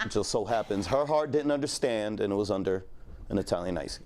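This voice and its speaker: A man's voice: on the low side, lively intonation, moderate pace, a little mellow, a little hiss or hum. A man in his thirties doing a stand-up set in a laid-back, rambling, crude way, full of fillers. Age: 30s. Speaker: stand-up comedian.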